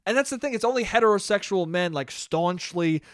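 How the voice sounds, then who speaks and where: A young man from New York hosting a solo comedy podcast, riffing with profanity, swinging from loud bursts to mumbled asides and high laughs. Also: animated, a little fast, no echo, studio quality. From New York (Westchester). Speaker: podcast host.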